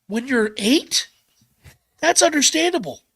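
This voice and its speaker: Guy hosting a podcast going off on a rant, kinda high voice, cusses a lot. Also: a little slow. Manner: animated, profane, emphatic. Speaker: podcast host.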